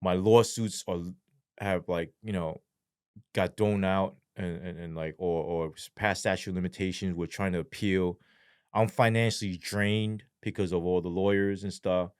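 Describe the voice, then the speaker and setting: A man, a former police sergeant, telling his story as an interview guest in a blunt, slangy way, heavy on profanity, his voice going low and halting when he speaks of despair. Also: fairly even intonation, clean tone, no room sound, clean studio sound.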